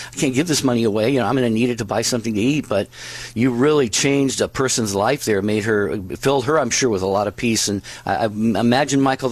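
A man's voice: mid-range voice, dry recording. A man hosting a talk show, going back over a guest's story in a reflective way. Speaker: host.

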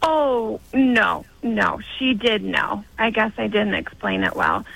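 A woman phones in to a radio show and speaks with a deeply gravelly, creaking voice. Her tone is bright and sharp. She hesitates often and mostly answers with short agreements. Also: very animated, slow pace, no room sound, poor audio. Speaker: caller. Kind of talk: phone-in conversation.

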